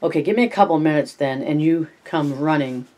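Hard tired ranch guy, grim, rough drawl, a man reading it out. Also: a little high, a little fast, darkish tone, natural voice. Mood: urgent. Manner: plain reading voice with rough dialect.

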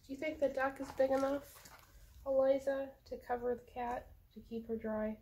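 A woman librarian reading a picture book aloud slowly and coaxing her pets in a gentle voice. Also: high-pitched, fairly even intonation. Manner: slow, drawn-out reading of the story lines. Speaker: children's librarian.

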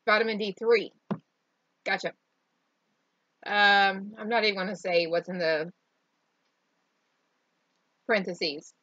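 A woman's voice: medium pitch, steady tone, slow, long pauses, sharp tone, dry recording, lo-fi sound. A woman with a Southern country accent reading out a shake's ingredient list, stumbling over long words and laughing at herself. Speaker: co-host reading an ingredient label. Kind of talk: casual chat.

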